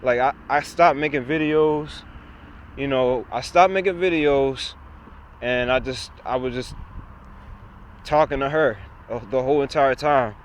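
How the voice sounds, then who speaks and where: A man's voice: mid-range voice, measured pace. A young man, rambling and swearing a lot as he vents to the camera outdoors. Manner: rambling, repetitive, frequent profanity. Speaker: vlogger. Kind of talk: casual rant to camera. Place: outdoors by a busy road. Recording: outdoor street noise and wind. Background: traffic and trucks.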